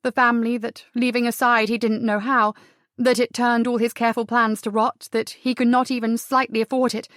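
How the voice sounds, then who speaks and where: A woman narrating a historical romance audiobook, in a measured, even reading with the dialogue softened. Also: a little high, no echo, studio quality. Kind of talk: scripted narration.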